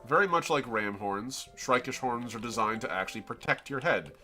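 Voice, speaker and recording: A man's voice: mid-range voice, animated, moderate pace, sharp tone, soft background music. A man with a Floridian accent, chatting casually and rambling as he explains his drawing on a live stream. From Florida, United States. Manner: rambling, self-interrupting, explains as he draws.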